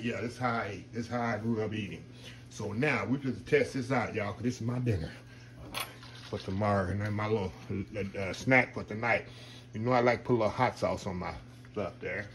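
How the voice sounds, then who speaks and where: A man's voice: mid-range voice, fairly bright tone, a little hiss or hum. Folksy man cooking. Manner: folksy, talks to viewers as y'all. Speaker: home cook. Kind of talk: casual cooking video chat.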